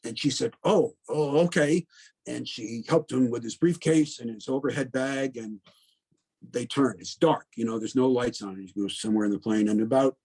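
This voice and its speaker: A man's voice: mid-range voice, moderate pace, darkish tone, slightly rough. A man in his seventies from Connecticut, a veteran telling his story in a plainspoken, blunt way, often in the present tense and with plenty of "you know". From Connecticut, USA. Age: 70s. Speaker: veteran interviewee. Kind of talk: oral history storytelling.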